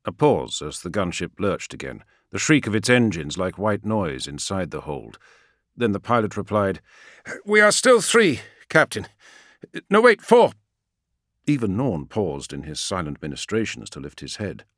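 A man reading a sci-fi war story aloud as an audiobook narrator, in a dramatic, measured way. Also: low voice, animated, no echo, studio quality. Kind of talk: scripted fiction narration.

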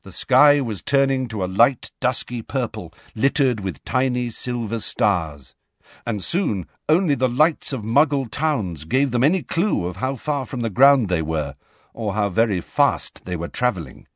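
A man narrating a fantasy novel chapter with an expressive, dramatic reading. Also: medium pitch, measured pace, dry recording, studio quality. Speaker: audiobook narrator. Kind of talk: scripted storybook narration.

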